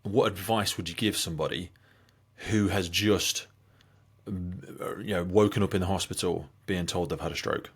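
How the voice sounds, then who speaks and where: A man's voice: low-pitched, fairly even intonation, moderate pace, slightly rough. A man hosting a podcast, asking long, thoughtful, probing questions. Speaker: podcast host. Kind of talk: interview questions.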